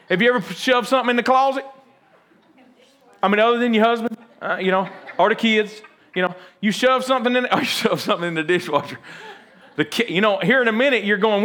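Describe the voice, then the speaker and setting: A man's voice: high voice, a little fast, a bit bright. A man pastor preaching a folksy, humorous sermon and acting out little everyday scenes.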